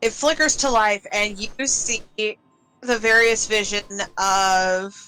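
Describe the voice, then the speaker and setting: A woman narrating as game master of a tabletop role-playing game, telling the scene softly and unhurriedly with small fillers. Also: mid-range voice, soft background music, rough recording. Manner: soft, unhurried storytelling with fillers.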